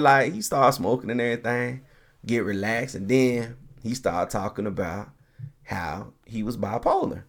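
A man hosting a podcast, telling a long story in a relaxed, animated way, acting out the people he quotes and laughing often. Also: medium pitch, unhurried, gravelly. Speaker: podcast host. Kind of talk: casual storytelling.

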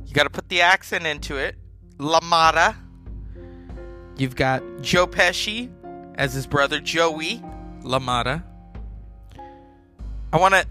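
A man's voice: a little high, bright, forceful tone. Rambling male podcast host. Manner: rambling, chatty. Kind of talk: casual film commentary.

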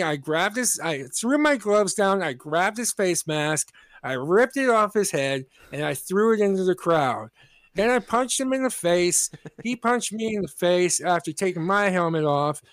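A man's voice: high-pitched, fairly bright tone, no echo. A man co-hosting a podcast, telling a long story in casual chat and often restarting his sentences. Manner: rambling, full of restarts, acts out quoted voices. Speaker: podcast co-host.

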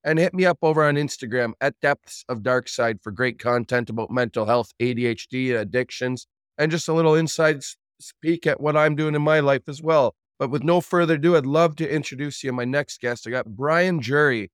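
Podcast host guy, smooth clear voice, dry close mic, upbeat promo read. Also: mid-range voice, a little fast, no echo. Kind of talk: scripted podcast intro.

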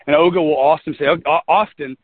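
A man's voice: fairly high pitch, steady tone, brisk, dry recording. A man giving a motivational team talk as a business leader, folksy, earnest and repetitive. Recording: tinny phone-like line.

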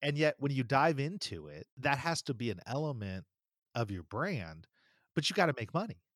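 A man's voice: mid-range voice, sing-song, moderate pace, fairly bright tone, no echo, studio quality. A man hosting a casual podcast interview, chatty and emphatic with stumbling starts. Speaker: podcast host.

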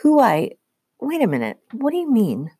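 A woman's voice: fairly high pitch, wildly swooping pitch, normal speed, dark tone, slightly rough, no room sound, studio quality, voice pushed up, full character voice. A woman voicing a bewildered twelve-year-old boy who fires off incredulous questions.

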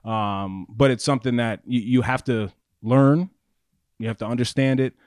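A man co-hosting a podcast in casual chat, an animated storyteller who acts out the voices of people he quotes. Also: mid-range voice, moderate pace, no echo, studio quality. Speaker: podcast co-host.

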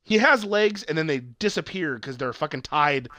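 A man's voice: a little high, lively intonation, moderate pace, bright, forceful tone, a little hiss or hum. A man co-hosting a casual chat about a TV show, rambling and swearing, with lots of fillers and restarts. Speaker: podcast co-host.

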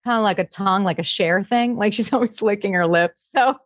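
Lively woman guest, talks shop with a laugh, dry close mic. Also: medium pitch, brisk, no echo. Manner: animated, laughs often, slips into brief impressions. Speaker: impressionist guest. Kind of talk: casual interview chat.

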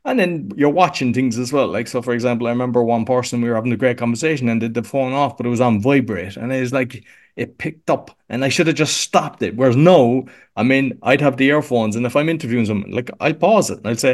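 A man's voice: medium pitch, quick pace. An Irish man, a podcast coach, chatting casually as an interview guest, rambling with lots of restarts and fillers. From Ireland. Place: home podcast room.

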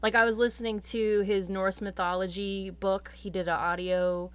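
A woman chatting casually on a podcast, lively and quick to laugh, with playful asides. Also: mid-range voice, clean tone. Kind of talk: casual chat. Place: lives in Los Angeles.

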